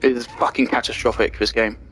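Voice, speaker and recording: A man's voice: mid-range voice, flat delivery, a little fast, fairly bright tone, a little hiss or hum. A young man giving angry gameplay commentary, ranting and swearing heavily. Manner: furious ranting, heavy swearing. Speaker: gaming video creator.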